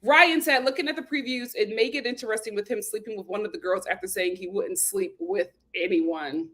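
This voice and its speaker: A woman hosting a casual live stream, greeting viewers by name and reading their comments aloud with sassy, lively chatter. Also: mid-range voice, brisk. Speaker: host of a live show. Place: home in Los Angeles.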